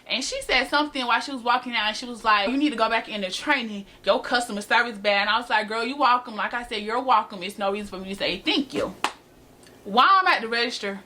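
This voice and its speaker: An eighteen-year-old woman talks straight to her viewers in an animated storytime vlog. Her voice sits a little high and sounds bright and forceful. She tells the story with sass and a lot of back-and-forth. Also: quick pace, slight background noise. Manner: animated, sassy, addresses viewers as y'all. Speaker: vlogger.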